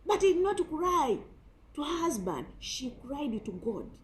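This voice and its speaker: A woman's voice: high-pitched, very animated, a little slow, rough recording. A woman preacher giving an emphatic sermon full of rhetorical questions.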